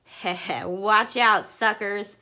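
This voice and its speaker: A rude little schoolyard bully yells taunts in a raised voice, put on by a woman reading. He sounds mocking and pushy. It's a children's storybook voice. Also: high-pitched, slow pace, vocal fry, pitched above the performer's own voice, exaggerated voice. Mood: taunting.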